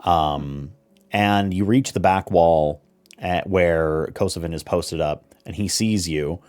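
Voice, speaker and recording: A man narrating as game master of a tabletop role-playing game, relaxed with lots of fillers. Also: deep voice, slow pace. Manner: relaxed, many fillers and restarts.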